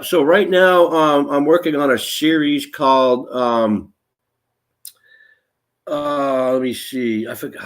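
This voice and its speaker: Fifties male actor guest, animated raconteur, quotes in voices, salty language. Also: medium pitch. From Nashville area. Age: 50s. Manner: animated storyteller, acts out quotes, swears freely. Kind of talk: casual storytelling interview.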